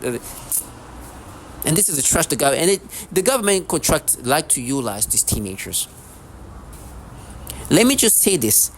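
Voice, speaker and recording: A man's voice: on the high side, very animated, measured pace, pauses often, slight background noise. A man vlogging in a rambling, agitated monologue, repeating himself, restarting sentences and swearing often. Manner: agitated, repetitive, profane, many restarts.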